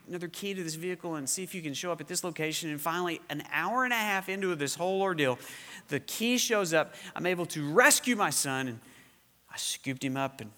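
Male pastor, sermon, bright tone, fairly high voice, echoey church hall. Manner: storytelling with emphatic, drawn-out stresses.

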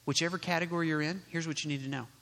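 Pastor, male, fairly high bright voice, emphatic sermon delivery, long church-hall reverb. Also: steady tone, very fast. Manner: emphatic, rhetorical questions, shifts from loud to quiet. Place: church sanctuary.

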